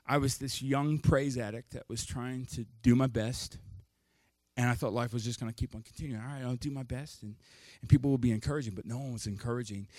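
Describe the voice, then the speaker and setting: A man's voice: medium pitch, darkish tone, dry recording, clean studio sound. A man preaching a sermon as a pastor, telling a personal story candidly with self-deprecating jokes.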